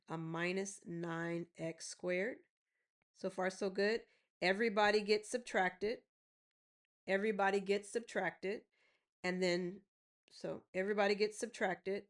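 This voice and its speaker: Woman math teacher, patient and repetitive, checks that students follow. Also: lowish voice. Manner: repeats phrases, checks in with "right?" and "y'all see?"; slows down to spell out terms. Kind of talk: step-by-step math lesson.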